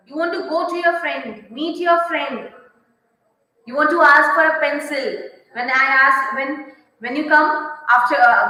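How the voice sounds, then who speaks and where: A woman teaches a class of small children, repeating each point and quizzing them. Her voice is high and bright and she speaks slowly. The recording is very echoey, with a long reverb. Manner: slow, repetitive, asks children questions. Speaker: primary school teacher. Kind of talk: online class lesson reading a poem.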